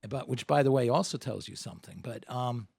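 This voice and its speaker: Measured man explaining, dry sound. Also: medium pitch, vocal fry, a little mellow, husky, no echo. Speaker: guest, former government advisor. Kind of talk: interview answers.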